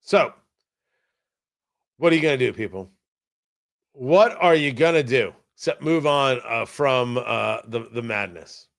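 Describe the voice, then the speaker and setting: A man's voice: medium pitch, a little slow, vocal fry, long pauses, fairly bright tone. A man hosting a political commentary show, sarcastic and exasperated, often stumbling over restarts. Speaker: talk show host.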